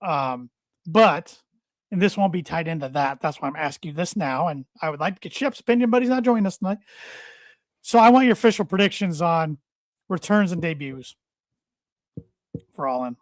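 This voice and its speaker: A man on a casual wrestling podcast, speaking a bit high for a man and stumbling over repeated words as he chats. His voice sounds close and dry, with no room echo. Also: animated. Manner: halting, repeats words often. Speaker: podcast co-host.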